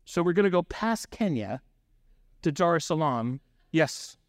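A man's voice: fairly high pitch, lively intonation, unhurried, no echo, clean studio sound. A man preaching a sermon in a conversational storytelling way, often checking in with "right?" and acting out bits of dialogue. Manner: conversational, frequent "right?" asides, acts out dialogue. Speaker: pastor.

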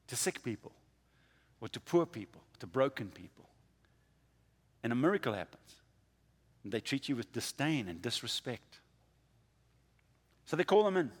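A man preaching a sermon, with a dramatic delivery that swings from quiet to loud. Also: medium pitch, breathy edge, big-room sound. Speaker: pastor.

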